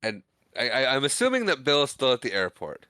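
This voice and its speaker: A man's voice: mid-range voice, a little fast, clean tone, dry recording, clean studio sound. A man co-hosting a podcast, casually recapping a movie scene by scene and acting out the characters' lines. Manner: animated, acts out characters' lines while retelling scenes. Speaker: podcast co-host.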